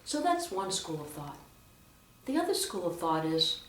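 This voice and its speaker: A woman's voice: fairly low pitch, very animated, normal speed, slight background noise. A woman teaching church readers how to read aloud, speaking with strong emphasis and reading examples expressively. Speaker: lector trainer. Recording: roomy echo, mic at a distance.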